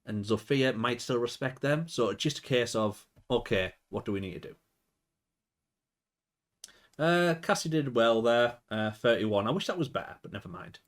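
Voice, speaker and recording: A man talks through his gameplay in a loose, chatty way, his thoughts wandering as he goes. His voice sits at an everyday middle pitch. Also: moderate pace. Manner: rambling, chatty, thinks aloud with fillers. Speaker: video game commentator. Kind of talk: casual gameplay commentary.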